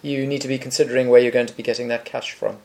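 A man's voice: medium pitch, flat delivery, rapid-fire, vocal fry, a little mellow. A man answering listener questions in a casual podcast chat, dry, blunt and opinionated.

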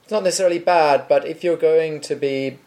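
A man's voice: fairly high pitch, a little fast, darkish tone. A man answering listener questions in a casual podcast chat, dry, blunt and opinionated.

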